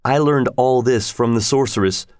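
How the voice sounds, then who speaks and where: A man reading a storybook aloud in a measured, even way. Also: medium pitch, no echo, studio quality.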